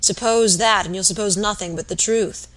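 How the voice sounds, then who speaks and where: A woman reading aloud as a dying, rough-spoken working man, bitter and feverish, with coarse rural speech. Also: medium pitch, moderate pace, fairly bright tone, lightly acted.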